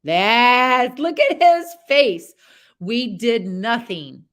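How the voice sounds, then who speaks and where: A woman's voice: a little high, sing-song, drawn-out words, a bit bright. A woman horsemanship coach talking a student through a live session over a video call, rambling, chatty and candid, with some mild swearing.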